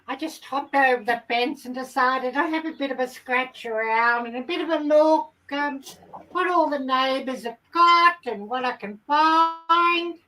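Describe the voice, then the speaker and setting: Giddy rambling hen, voiced by a woman, high and bright, slow-talking, lots of ums. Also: far from the mic, rough recording. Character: excitable chatty female hen. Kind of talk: comic character monologue.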